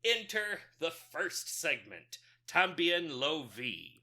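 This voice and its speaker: Bright-voiced man recapping a horror film. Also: a little high, very animated, takes it slowly. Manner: rambling, chuckling, loose fillers. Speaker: podcast co-host.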